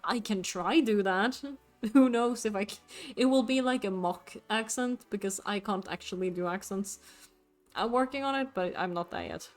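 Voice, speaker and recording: A woman streamer plays a game while chatting casually and playfully with her live audience, laughing often. She has a mid-range voice at a moderate pace, with faint music behind her.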